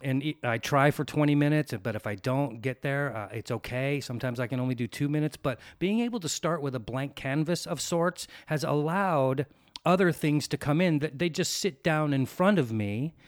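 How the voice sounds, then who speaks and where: A man's voice: a little high, moderate pace, no echo, clean studio sound. A man hosting a podcast, talking in a reflective, easygoing way with frequent restarts. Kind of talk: casual podcast chat.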